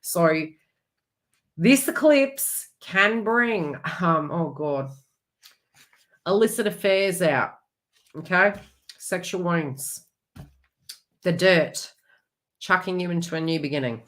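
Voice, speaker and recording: A woman giving a chatty, rambling astrology reading with animated asides. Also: on the low side, slow, pauses often. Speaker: astrology reader. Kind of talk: casual astrology forecast.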